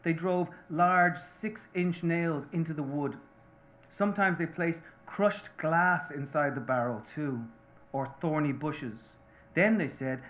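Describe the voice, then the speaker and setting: A male author reads a passage from his novel aloud. His delivery is slow and measured, and his voice sits slightly high. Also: fairly bright tone.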